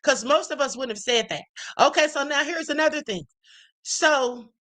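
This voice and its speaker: Woman, livestream host, high and bright voice, animated, rhetorical questions, casual commentary. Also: unhurried, poor audio. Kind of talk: casual commentary reading texts aloud.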